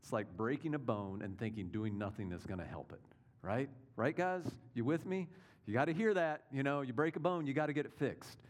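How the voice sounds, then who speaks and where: A man's voice: medium pitch, lively intonation, a little fast. Conversational male pastor preaching. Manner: conversational, checks in with listeners with rhetorical questions. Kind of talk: sermon.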